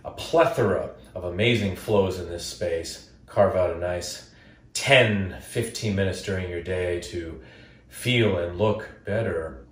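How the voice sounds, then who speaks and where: A man's voice: sits low, a little slow, echoey room. A man teaching a guided yoga class, cueing breath and poses and joking between them. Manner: playful, cues breathing and poses. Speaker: yoga instructor. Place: indoor room before a green screen.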